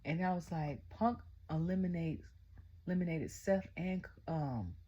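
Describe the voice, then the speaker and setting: A middle-aged woman casually recapping a wrestling event, excitable and chatty, constantly retelling her own reactions. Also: on the low side, a little slow, breathy edge, highs cut off. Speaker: wrestling show reviewer. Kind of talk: casual rant-style recap.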